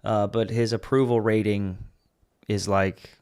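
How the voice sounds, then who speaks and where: A man's voice: fairly low pitch, unhurried, smooth. A man co-hosting a podcast in casual chat, swearing freely and joking, his family from Canada. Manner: profane, jokey, animated when riffing. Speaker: podcast co-host.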